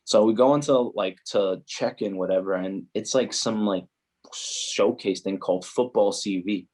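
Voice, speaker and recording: Young guy on a podcast, kinda low voice, rambling animated stories, says like a lot. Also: moderate pace. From New Jersey, USA. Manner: animated, heavy use of "like" and "you know". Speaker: podcast guest, footballer. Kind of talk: casual storytelling chat.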